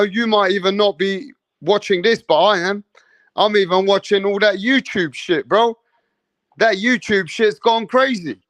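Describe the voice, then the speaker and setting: High-voiced hyped-up boxing vlogger man. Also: no echo. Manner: excitable, swears freely, repeats himself. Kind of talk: casual hyped commentary.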